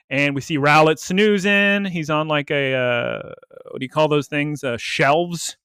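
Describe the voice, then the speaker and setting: A man co-hosting a laid-back podcast, his voice sitting a little high for a man. He recaps a cartoon episode with animated energy, dropping into quick quoted voices and laughing along the way. The recording is close and dry, with no room sound. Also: smooth, dry recording. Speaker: podcast co-host.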